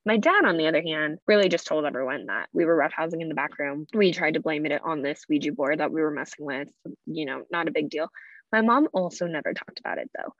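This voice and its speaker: A young woman tells her own story in a loose, chatty way, leaning on "like" as she goes. Her voice sits a little low for a woman. The recording is dry and slightly dull. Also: lively intonation, fast, no room sound. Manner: chatty, many "like" fillers, quotes people in a hushed voice. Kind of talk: casual personal storytelling.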